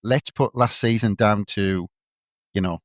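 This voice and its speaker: A man's voice: on the low side, no room sound. A man, co-hosting a podcast, chatty and teasing. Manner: chatty, teasing, quick to laugh. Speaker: podcast co-host. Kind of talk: casual chat.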